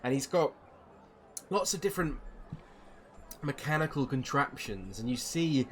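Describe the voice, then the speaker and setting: A man's voice: mid-range voice, animated, a little slow, slight background noise. A man narrating a tabletop game as game master, in a loose, rambling way with fillers.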